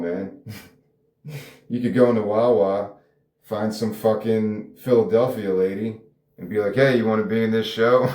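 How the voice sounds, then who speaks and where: A man's voice: on the low side, mellow, reverberant. A man who wrote a screenplay, talking about it casually and ramblingly on his own, with frequent laughs. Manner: rambling and chatty, laughs often. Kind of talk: casual solo talk to camera.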